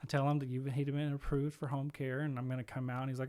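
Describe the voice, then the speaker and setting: Man telling stories with animated quoted voices. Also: mid-range voice, quick pace. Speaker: podcast guest, home care executive. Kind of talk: conversational storytelling.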